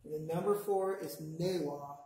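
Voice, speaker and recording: High-voiced man teaching slowly in an echoey room. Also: mellow. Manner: patient, models words slowly for the class to repeat. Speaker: language teacher. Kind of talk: language class instruction. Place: classroom. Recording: very echoey classroom.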